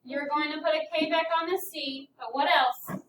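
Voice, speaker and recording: Teacher in an echoey classroom. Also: female voice, high-pitched, fairly even intonation, normal speed, fairly bright tone, distant mic, slight background noise. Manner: patient, prompting, calls on students by name. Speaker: elementary school teacher. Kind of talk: classroom phonics lesson.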